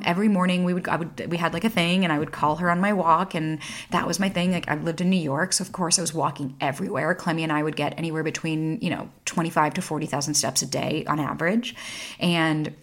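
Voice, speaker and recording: A woman in her thirties hosting a solo podcast, talking candidly and casually, swearing freely and getting emotional. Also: on the low side. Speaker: podcast host.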